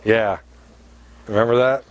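A man preaching a sermon as pastor, animated and storytelling, laughing often. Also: medium pitch, unhurried, lo-fi sound.

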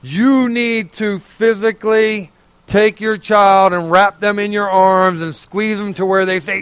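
Fervent high-voiced male preacher. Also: fairly even intonation, moderate pace, fairly bright tone, smooth, no echo. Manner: fervent and folksy, pleading with listeners. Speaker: pastor. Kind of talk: sermon.

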